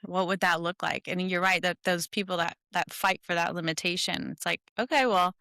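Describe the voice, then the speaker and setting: A woman hosting a podcast in casual conversation, enthusiastic and speaking in quick runs filled with "like.". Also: fairly low pitch, little pitch movement, vocal fry, pushed and bright, dry recording, clean studio sound. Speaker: podcast host.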